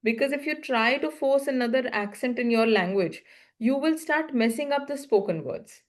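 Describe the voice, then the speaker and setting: A woman's voice: sits high, lively intonation, moderate pace. A woman coaching a learner one-on-one, explaining patiently in short, repeated phrases. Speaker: English speaking coach.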